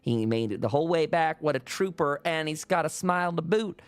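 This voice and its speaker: A man's voice: a little high, expressive, brisk, smooth, no room sound, pitched above the performer's own voice, natural voice. A man voicing a cheerful, adventurous woman settler and tinkerer who talks enthusiastically. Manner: chatty, enthusiastic.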